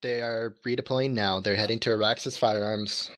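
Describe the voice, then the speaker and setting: A man leading a squad on game voice chat, answering orders with quick terse acknowledgments. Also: lowish voice, fairly even intonation, fairly bright tone, dry recording. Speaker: squad leader.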